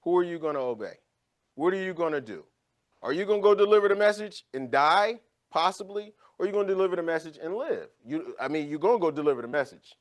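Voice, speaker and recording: A man teaching an informal Bible study, explaining scripture with lively storytelling and acted-out scenes. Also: on the high side, fast. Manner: animated storytelling, acts out scenes.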